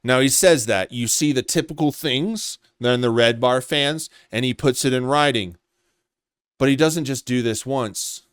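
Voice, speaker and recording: Man, slow deliberate pace, smooth clear voice, dry close sound, scornful accusing rant. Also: mid-range voice, no echo. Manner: accusatory, contemptuous, profane. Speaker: commentary vlogger. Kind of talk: ranting commentary.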